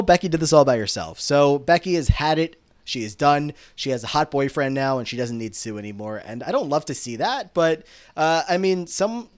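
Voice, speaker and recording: On a relaxed podcast, a male co-host runs through a TV episode with spirited remarks, now and then mimicking characters' lines in over-the-top voices. His voice leans toward the high side.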